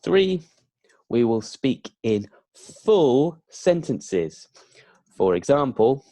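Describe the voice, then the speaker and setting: A man teaching beginner English, drilling words slowly with emphatic repetition. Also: lowish voice, sing-song, vocal fry, warm tone, dry recording.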